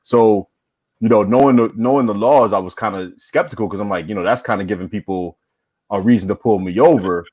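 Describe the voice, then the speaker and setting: A man with a lowish voice tells an anecdote at an easy, chatty pace. The recording is dry and close, with no room sound. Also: a little fast, a little mellow, dry recording. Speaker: discussion panelist. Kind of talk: casual chat.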